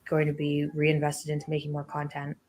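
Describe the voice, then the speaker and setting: A woman speaking reflectively and haltingly in a video clip, with many fillers. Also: low voice, monotone, darkish tone.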